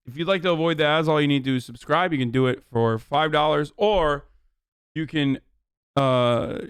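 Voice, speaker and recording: A man hosts his live stream in loose, rambling chat, swearing casually as he jumps between asides. His voice is smooth and clear at a middling pitch. It sits close and dry on a desk microphone in a home streaming room. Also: no echo. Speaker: streamer host.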